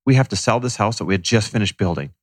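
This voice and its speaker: A man's voice: fairly low pitch, lively intonation, quick pace, husky, no echo. A man co-hosting a podcast, recounting past events in a candid, self-deprecating way. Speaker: podcast co-host. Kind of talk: casual conversation.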